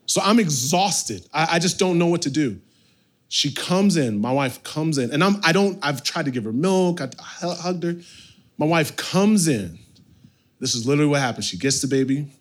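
A man in his thirties, a pastor preaching a sermon and telling a family story with animated, sudden shifts between loud and soft. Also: on the high side, moderate pace.

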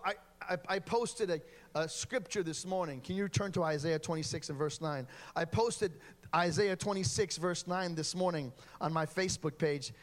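A man with a slightly high voice preaches a sermon. He tells a personal story and then builds into loud, fervent exhortation.

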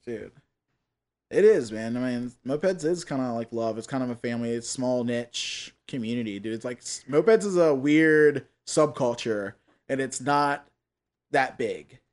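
A laid-back man hosting a casual chat, his pitch sitting in the middle. He talks loosely and scatters fillers such as "dude" and "man" all through. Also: expressive, a little slow. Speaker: host.

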